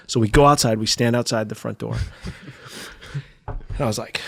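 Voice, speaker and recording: A man's voice: mid-range voice, fairly quick, vocal fry. A middle-aged man from California, a skate video filmer, telling a story casually in a podcast interview, profane and acting out the voices of the people he quotes.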